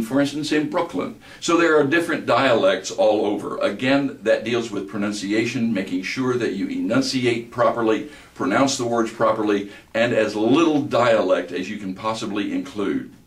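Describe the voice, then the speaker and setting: Deliberate man teaching voice work. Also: fairly low pitch, far from the mic. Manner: deliberate, demonstrates words slowly. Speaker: voice-over instructor. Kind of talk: instructional lecture. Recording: roomy, from the mic.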